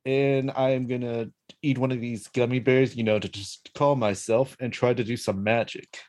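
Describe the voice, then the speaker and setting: A man's voice: mid-range voice, steady tone, moderate pace, a little mellow. Laid-back slangy man at a game table. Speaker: player.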